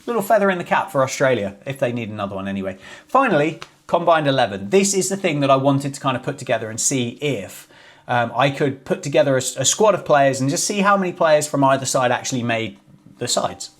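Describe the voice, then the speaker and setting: A young man talks through a cricket preview in a casual, chatty way. He keeps tossing in jokey asides and often corrects himself mid-sentence. His pitch sits right in the middle for a man. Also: big pitch swings, quick pace, a bit bright. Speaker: cricket video host.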